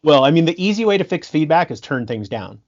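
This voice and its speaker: A man telling stories in a casual podcast interview, animated, laughing often and restarting his sentences. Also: fairly high pitch, fast, lo-fi sound. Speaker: guest musician and sound engineer.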